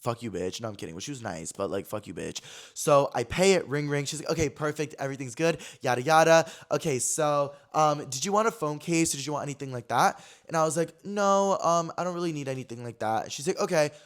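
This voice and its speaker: A young man hosting a casual talk show, telling a story in an animated way, acting out quotes and swearing freely. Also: fairly high pitch, fast talker, hardly any pauses. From California. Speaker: podcast host.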